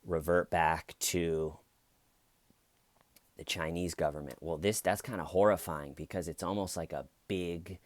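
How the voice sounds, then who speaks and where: Low-voiced man with jokey sarcasm. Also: fairly even intonation, a little slow, no room sound. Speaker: true crime vlogger. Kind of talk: casual storytelling commentary.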